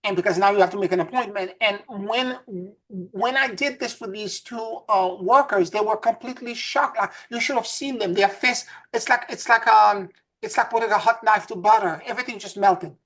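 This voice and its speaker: A woman's voice: medium pitch, normal speed, hardly any pauses. A woman co-hosting a casual spiritual discussion, telling stories with many stammered restarts. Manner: stammering restarts, animated storytelling.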